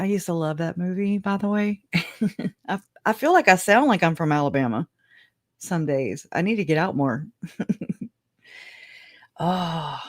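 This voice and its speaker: A woman's voice: lowish voice, no echo, clean studio sound. A woman with a country Louisiana accent hosting a live stream, talking in a rambling, chatty way and laughing often. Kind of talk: casual live commentary. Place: home room.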